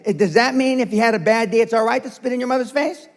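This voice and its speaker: A man's voice: very high voice, fast, long reverb tail. An older man giving a blunt, profane and confrontational seminar speech to a live audience. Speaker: motivational speaker. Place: seminar room.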